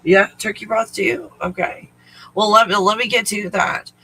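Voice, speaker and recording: A man's voice: high-pitched, steady tone, normal speed, pushed and bright, a little hiss or hum, low-quality recording. A man hosting a casual spiritual livestream, talking in a rambling, profane way and often laughing. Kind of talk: casual chat to viewers.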